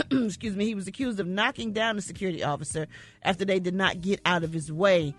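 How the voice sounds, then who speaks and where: A woman reading entertainment news on a morning radio show in an animated, chatty, outspoken way. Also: medium pitch, quick pace. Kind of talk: casual radio chat.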